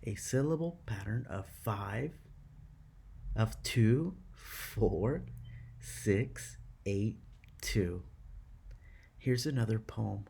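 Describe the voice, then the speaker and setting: A man teaching students in a scripted lesson, explaining slowly and carefully. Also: on the low side, expressive, vocal fry, dark tone, slight background noise.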